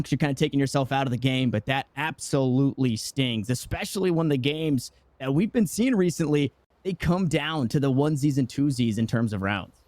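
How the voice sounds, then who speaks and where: A man casting an esports match with play-by-play commentary, talking in excited bursts with frequent restarts. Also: fairly high pitch, dry recording. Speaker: esports caster.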